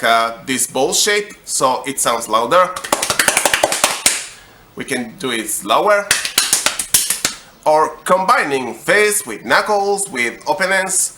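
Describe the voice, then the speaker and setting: A young man hosting a comedic music tutorial, explaining every step in a slow, deadpan way. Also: fairly high pitch, heavy background noise.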